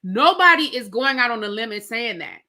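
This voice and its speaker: Woman, high voice, very lively pitch, reality TV recap, slangy storytelling, acts out quotes. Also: fairly quick. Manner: animated storyteller acting out quotes, slangy asides. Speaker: reality TV reviewer. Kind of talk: casual recap commentary.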